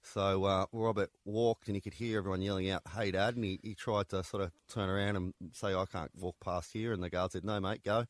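A man with a lowish voice, speaking as the author of prison books in a relaxed interview. He talks in loose, conversational runs, full of ums and restarts. The recording is dry and close, with no room sound. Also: brisk, hardly any pauses, no room sound. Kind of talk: interview guest recounting stories.

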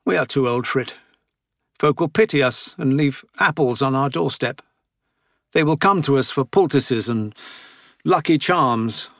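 A man voicing a calm, wry older former nun in an audiobook reading, with a dry, steady manner. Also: mid-range voice, measured pace, dry recording, voice pushed up.

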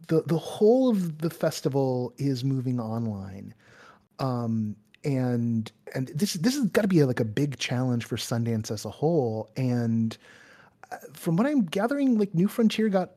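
A man's voice: mid-range voice, darkish tone. Chatty laughing man hosting a podcast. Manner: chatty, laughs often, lots of filler words. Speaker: podcast host. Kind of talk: casual interview chat.

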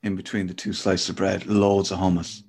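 A man hosting a loose, casual podcast chat, quick to laugh. His voice sits low and gravelly with a husky edge. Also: flat delivery, darkish tone. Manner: chatty, laughs often. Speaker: podcast host.

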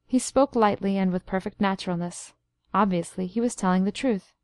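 Woman reading an audiobook in measured tones. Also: medium pitch, darkish tone, dry recording, studio quality. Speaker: narrator. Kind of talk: scripted audiobook narration.

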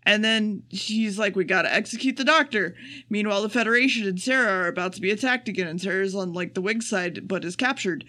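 A man with a high, bright voice on a casual podcast. He runs through a plot recap in a sarcastic, profane way and drops deadpan asides. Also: quick pace, few pauses. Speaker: podcast co-host.

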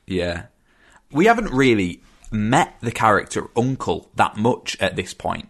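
Chatty low-voiced man. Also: very animated, a little slow. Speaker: podcast host. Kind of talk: casual film chat.

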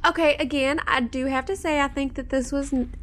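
A woman playing a tabletop game, speaking in a hesitant, halting way. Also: sits high, fairly even intonation, a bit bright. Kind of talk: in-character play, casual.

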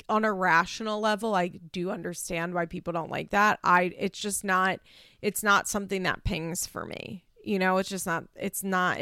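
A woman in a casual opinion chat, speaking with a noticeable vocal fry. She talks frankly, full of "like" and restarts. The recording is close and dry. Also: mid-range voice, fairly bright tone, dry recording. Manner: chatty, lots of "like" and restarts, frank swearing. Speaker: reality TV commentator.

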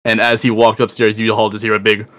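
A man narrating as game master in a tabletop game, halting with many fillers. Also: lowish voice, monotone, fairly bright tone, no room sound.

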